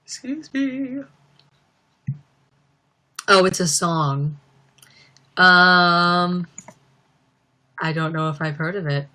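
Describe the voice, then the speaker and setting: A woman's voice: lowish voice, steady tone, takes it slowly, pauses often, pushed and bright, smooth. A young woman chatting casually on a livestream from home, giggling a lot and rambling with plenty of "like". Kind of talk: casual live-stream chat.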